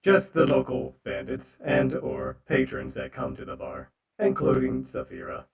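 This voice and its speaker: A man's voice: medium pitch, huge pitch swings, measured pace, creaky, soft background music, heavily acted. A man voicing a stiff, overly literal male rock construct bartender through a robot voice filter, speaking formally.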